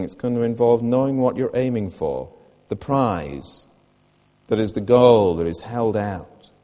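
A man's voice: medium pitch, mellow, in a large hall. An older man preaching a sermon in church, earnest, putting direct questions to the listeners.

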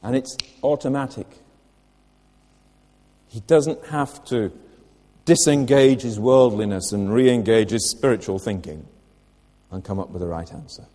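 A man's voice: medium pitch, unhurried, pauses often, mellow, big-room sound. An older man preaching a sermon in church, earnest, putting direct questions to the listeners.

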